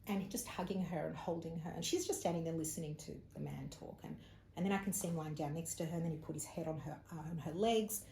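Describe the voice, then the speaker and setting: An Australian woman with a lowish, mellow voice recounts a personal experience as an interview guest, slipping into the voices of the people she quotes. The room is echoey, with a faint hum of background noise. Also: quick pace, vocal fry. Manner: animated storyteller, acts out quoted speech. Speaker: psychic medium, interview guest. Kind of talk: casual storytelling interview.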